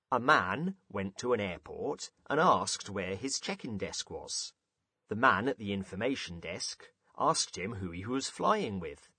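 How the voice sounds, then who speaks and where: A man hosting a podcast for English learners, reading out listeners' jokes with lively, amused storytelling. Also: on the low side, breathy edge, dry recording. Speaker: podcast host.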